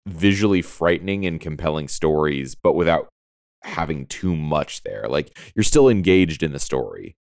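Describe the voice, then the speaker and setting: A man's voice: a bass voice, expressive, normal speed, gravelly, darkish tone, no room sound, clean studio sound. A man co-hosting a casual movie podcast, enthusiastic, laughing often and acting out quotes. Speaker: podcast co-host.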